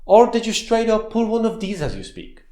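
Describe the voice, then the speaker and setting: Expressive, sarcastic male commentary host. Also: sits high, fairly quick. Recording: roomy echo with faint background music.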